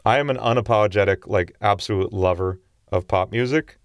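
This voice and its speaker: A man's voice: on the low side, a little fast, smooth, no echo. A young man hosting a music livestream, talking in a loose, rambling way with frequent laughs. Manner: excitable, rambling, laughs often. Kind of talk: casual livestream chat. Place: home music studio.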